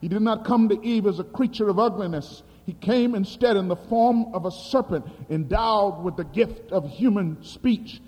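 A man preaching a sermon dramatically, swinging between loud emphasis and quiet asides, recorded in a reverberant hall. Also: sits high, moderate pace, few pauses. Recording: long hall reverb, from a distance.

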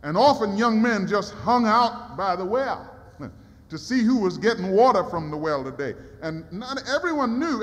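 A man preaching a sermon, telling a Bible story dramatically and acting out the dialogue, in a church. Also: sits high. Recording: long hall reverb.

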